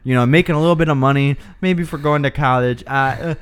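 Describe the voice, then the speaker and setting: A man's voice: mid-range voice, clean tone, lightly acted. A man playing a pushy candidate who makes blustering threats in an improvised comedy sketch. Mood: patronizing. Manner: bossy, blustering, quick threats.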